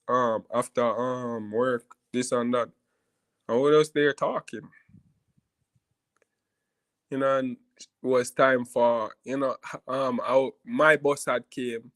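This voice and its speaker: A man's voice: mid-range voice, no room sound. A man tells a personal story in a rambling, casual way, often asking "you see me" and laughing as he goes. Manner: frequent laughs and restarts while telling.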